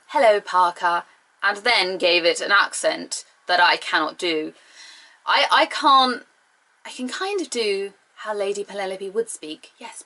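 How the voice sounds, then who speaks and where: A woman's voice: mid-range voice, fairly bright tone. A woman giving a chatty, enthusiastic review of a TV episode, with playful asides.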